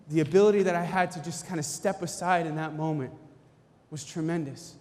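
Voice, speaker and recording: A man giving an animated, preacher-like motivational speech at a conference, with dramatic pauses. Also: high-pitched, in a large hall. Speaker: company executive giving a keynote talk. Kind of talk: motivational faith-based speech. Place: conference hall.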